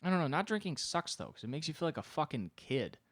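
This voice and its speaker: A man's voice: a little high, sing-song, fast talker, fairly bright tone, no echo, studio quality. A man in his twenties hosting a solo podcast, rambling and self-deprecating, swearing freely as he tells comic stories. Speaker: podcast host. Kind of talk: solo comedic monologue.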